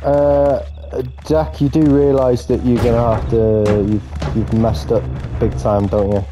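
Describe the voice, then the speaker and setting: A young man hosting his own gaming channel, giving an excitable let's play commentary with plenty of swearing and shrieks when things go wrong. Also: medium pitch, measured pace. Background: game music.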